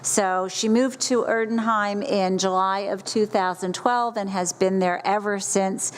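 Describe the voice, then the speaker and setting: A woman's voice: medium pitch, in a large hall, slight background noise. Woman delivering a praising tribute. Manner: warm, praising, lightly joking. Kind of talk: formal tribute at a meeting. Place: school board meeting room.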